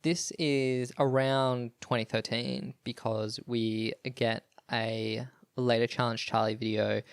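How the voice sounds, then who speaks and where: Smooth-voiced man giving dry podcast commentary. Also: mid-range voice, level tone, dry recording. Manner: dry, wry, quick bursts of commentary. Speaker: podcast co-host. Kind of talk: casual chat with scripted recap.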